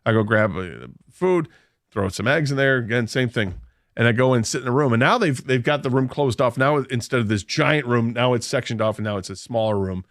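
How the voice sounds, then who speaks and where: A man on a radio show rambles through a funny story at his own expense, with a middle-pitched voice and plenty of restarts. The studio sound is dry and close, with no room echo. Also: brisk. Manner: rambling anecdote with self-deprecating humor and frequent restarts. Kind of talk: casual storytelling on sports radio.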